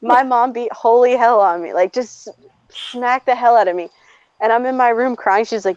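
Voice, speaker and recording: A smooth, slightly high, slightly mellow voice belongs to a woman in her twenties who casually shares stories from her life, speaking at a moderate pace. Blunt and profane, she laughs frequently. No room sound is audible, and the recording is dry and a little dull.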